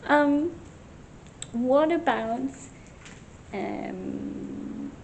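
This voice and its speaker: A woman ghost hunter speaking in a hesitant, halting way, close to tears. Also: sits high, a little hiss or hum. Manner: hesitant, halting, with nervous laughs. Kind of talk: vlog commentary.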